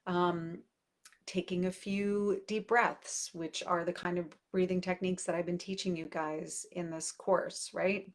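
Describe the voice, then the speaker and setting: A woman's lowish, steady voice moves at a measured pace as she, a parenting coach in her forties, speaks directly to camera. The talk is casual and candid, heavy with fillers.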